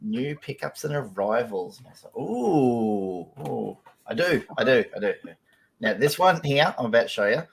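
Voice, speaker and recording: A man's voice: mid-range voice, sing-song, unhurried, creaky. A man from Australia chatting casually about toys, with a just-woken morning voice and frequent laughs. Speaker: guest in a toy collector chat. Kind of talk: casual chat.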